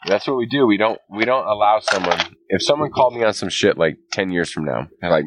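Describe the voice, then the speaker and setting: A young man co-hosts a podcast in a low voice, talking fast with hardly any pauses. He's casual and animated, swearing a lot and laughing often.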